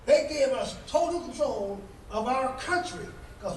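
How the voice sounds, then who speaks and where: A man with a very high, expressive voice speaks at a measured pace as the guest speaker at a political dinner, delivering a fiery speech in an emphatic, preacher-like cadence full of repeated rhetorical questions. He is recorded from far off in an echoey banquet hall, with slight background noise.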